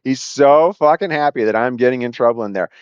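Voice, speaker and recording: A man telling a personal story at a quick clip, with many restarts and acted-out quotes. His voice sits in a middle register. The recording is dry and a little dull, like a lo-fi room mic. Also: medium pitch, clean tone, dry recording. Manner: rambling, animated retelling with acted quotes and frequent restarts. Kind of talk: casual spoken anecdote.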